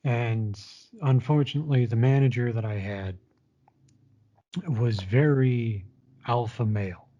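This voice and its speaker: A man telling his own story in a frank, blunt way, and he does not hold back his swearing. His voice is dark and mellow, and it sits in an even middle register. The recording is dull and lo-fi. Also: mid-range voice, a little slow, long pauses. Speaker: storyteller recounting his retail job. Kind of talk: casual spoken personal story.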